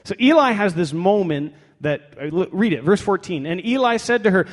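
Man pastor, sermon, fairly high voice, wry, conversational, long church reverb. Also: expressive, moderate pace, hardly any pauses. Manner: conversational, wry, reads scripture aloud.

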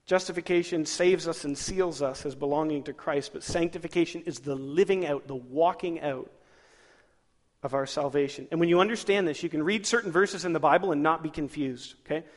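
High-voiced man preaching in a reverberant hall. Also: a little fast. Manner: lively, asks the congregation questions, chuckles. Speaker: pastor. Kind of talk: sermon.

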